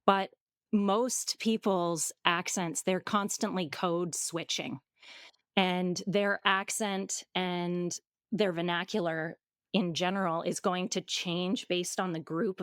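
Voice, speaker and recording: A woman who coaches accents, answering interview questions in a measured, explanatory way with frequent fillers. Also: on the low side, fairly even intonation, no echo, clean studio sound. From Canada.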